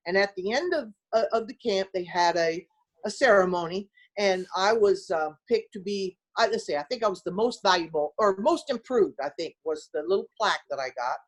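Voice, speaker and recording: An older woman from small-town America, a former basketball player, tells stories as a guest in a casual interview. Her medium-pitched voice is brisk, and she animatedly acts out what people said, laughing often.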